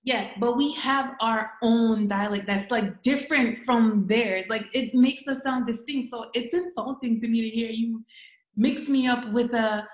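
Young Jamaican-raised woman, co-host, lively casual chat, bright higher voice, roomy echo. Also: measured pace. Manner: lively, laughing, storytelling. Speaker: podcast co-host. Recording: echoey room.

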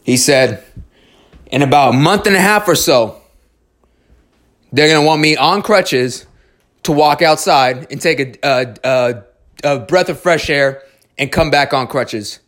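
A man's voice: fairly high pitch, a little slow, pauses often, fairly bright tone. Blunt, profane man telling a story. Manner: blunt, profane, restarts a lot; earnest, motivational. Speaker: storyteller giving life advice. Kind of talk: casual monologue.

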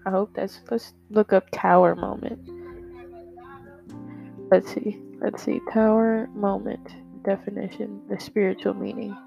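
Her voice is mid-range and creaky, barely shifting in pitch as she speaks at a measured pace. The young podcast host rambles candidly into her microphone in a confessional way, with lots of fillers and a bit of swearing, over dull lo-fi audio with faint guitar music.

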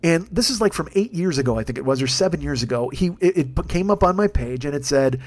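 A man's voice: a little high, lively intonation, quick pace. A man hosting a comedic podcast, talking in a profane, rambling rant. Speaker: podcast host.

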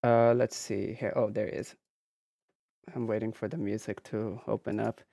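Gravelly-voiced man in rambling stream chat. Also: fairly low pitch, level tone, moderate pace, mellow, no echo, highs cut off. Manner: rambling with many restarts and fillers. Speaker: podcast co-host streaming on Twitch. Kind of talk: casual live-stream chat.

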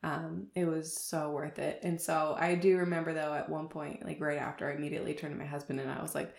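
A young podcast co-host shares her birth story in a casual chat, rambling with lots of fillers and laughing often. Her voice is low and creaky with a level tone, she talks fast, and the sound is reverberant.

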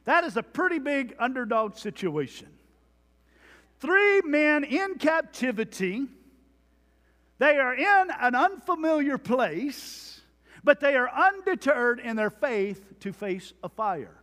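A man's voice: extremely high pitch, big pitch swings, slow pace, a bit bright. A man preaching a sermon, reading scripture aloud with dramatic emphasis. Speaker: pastor. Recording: long hall reverb.

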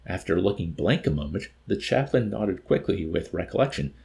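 A man reading a novel aloud as an audiobook narrator, measured and expressive. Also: low-pitched, vocal fry. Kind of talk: scripted narration.

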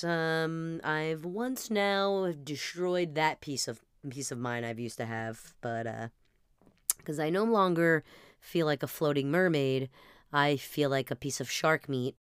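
A woman's voice: sits low, slow pace, smooth, no echo, studio quality. A woman with a New Jersey accent, hosting a podcast and telling rambling, self-mocking comic stories. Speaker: podcast host. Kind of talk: comedic storytelling monologue.

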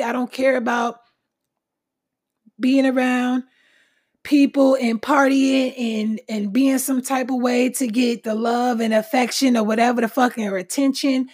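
A woman hosting her own podcast, talking bluntly and with a lot of swearing in a casual self-help monologue, noticeably short of breath. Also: fairly high pitch. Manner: blunt, profane, emphatic. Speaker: podcast host.

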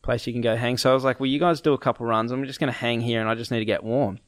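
A man's voice: mid-range voice, fairly even intonation, rapid-fire, no echo, studio quality. A young man casually telling a story, acting out his friends' lines and laughing often.

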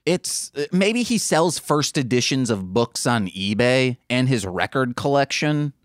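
Animated man chatting on a podcast. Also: medium pitch, no echo, studio quality. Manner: animated, quick, swearing, mimics lines in funny voices. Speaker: podcast co-host. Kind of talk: casual chat.

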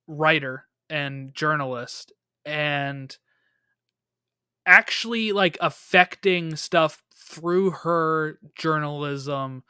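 A man's voice: on the high side, clean tone, no echo, studio quality. A man talking casually about a TV show, loose and filler-heavy. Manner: relaxed, hedging with fillers. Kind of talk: casual pop-culture chat.

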